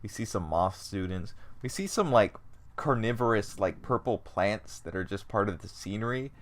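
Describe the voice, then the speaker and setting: A man's voice: on the low side, lively intonation, normal speed. A man co-hosting a casual podcast, animatedly retelling scenes and acting out quotes. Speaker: podcast co-host. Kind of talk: casual chat.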